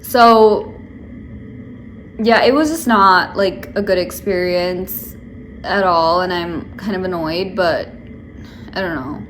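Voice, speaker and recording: A woman's voice: lowish voice, takes it slowly, pauses often, a little hiss or hum. A young woman vlogging to camera, venting in a rambling way with lots of fillers. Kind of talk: casual chat to camera.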